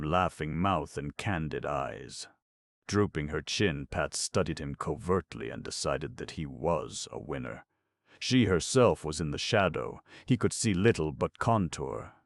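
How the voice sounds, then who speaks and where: Very deep, gravelly male narrator. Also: no room sound, studio quality. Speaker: audiobook narrator. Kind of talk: scripted narration.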